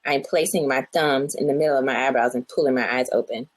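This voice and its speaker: Chatty low-voiced woman co-host. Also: quick pace. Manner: chatty, acts out her own thoughts in quotes. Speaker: podcast co-host. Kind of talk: casual chat.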